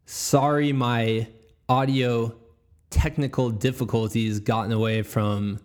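A man's voice: medium pitch, level tone, slow, a little mellow. A man hosting a podcast, chatting casually, rambling and stumbling over his words and laughing easily. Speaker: podcast host.

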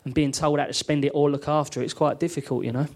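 A man tells animated stories, laughing often as he talks. His voice sits a little high for a man. He is a former footballer, recorded live on a theatre stage. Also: fast talker. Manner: laughing, animated anecdote telling. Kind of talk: live podcast storytelling. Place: theatre studio with audience.

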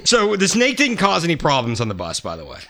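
A man's voice: a little high, wildly swooping pitch, quick pace, a crowd in the background. An American man hosting a podcast in casual chat, telling news stories with lots of swearing and jokes. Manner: profane, joking storyteller. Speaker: podcast host.

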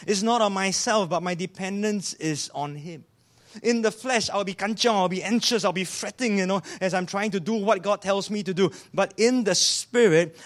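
High-voiced earnest preaching man. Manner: earnest preaching with rhetorical questions, often dropping low and soft. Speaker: pastor. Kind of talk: sermon.

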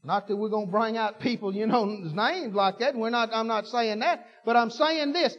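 A man preaching a sermon, folksy and fervent, repeating himself and building to shouts. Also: high-pitched, normal speed. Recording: dull lo-fi recording with long hall reverb.

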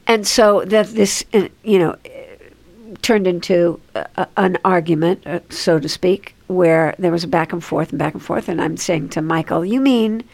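A woman in casual conversation, recounting a business deal in a firm, deliberate way with fillers. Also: lowish voice, gravelly, darkish tone.

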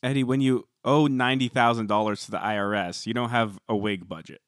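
A man's voice: medium pitch, steady tone, fairly quick, no room sound. Young guy podcast co-host, dry teasing humor, dead dry studio mic. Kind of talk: casual chat.

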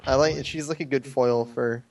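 A man's voice: mid-range voice, fairly even intonation, normal speed, a little mellow. A man co-hosting a casual group chat, easygoing and full of fillers. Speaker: podcast co-host.

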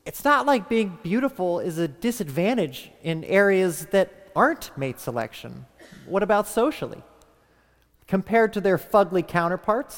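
A man's voice: on the high side, in a large hall. A man hosting a podcast, delivering a crude comic mock lecture with theatrical asides to the listener. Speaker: podcast host.

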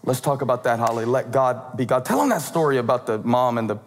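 A man's voice: mid-range voice, lively intonation, fast, big-room sound, low-quality recording. A man preaching conversationally, playful and eager, prompting his co-speaker. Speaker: pastor. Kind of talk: conversational sermon.

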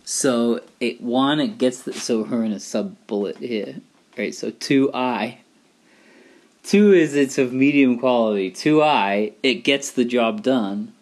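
A man's voice: mid-range voice, takes it slowly. A middle-aged man from England, talking in a wry, rambling, digressive monologue. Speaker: vlogger. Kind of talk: casual monologue.

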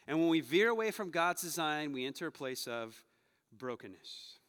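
A male pastor with a bright, forceful, slightly high voice delivers a conversational sermon. He drifts from joking asides to hushed, earnest stretches, and his words ring out with the long reverb of a church hall. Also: lively intonation, normal speed, clean tone. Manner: conversational preaching, shifts between playful asides and hushed earnest passages. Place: church sanctuary.

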